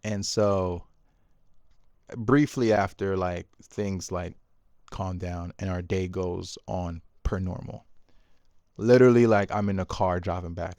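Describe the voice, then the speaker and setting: A man's voice: low-pitched, fairly even intonation, unhurried, dry recording, clean studio sound. A man telling a candid personal story about his son in a casual, confessional way, full of fillers and self-quotes. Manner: quotes himself with bursts of louder emphasis. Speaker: dad coach and video host.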